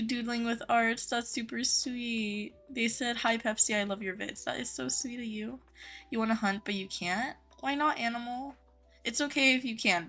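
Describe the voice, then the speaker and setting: Bright-voiced young woman streamer chatting. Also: mid-range voice. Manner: friendly, greets chatters by name, chatty. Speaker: game streamer. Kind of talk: casual live-stream chat reading viewer comments. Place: home office.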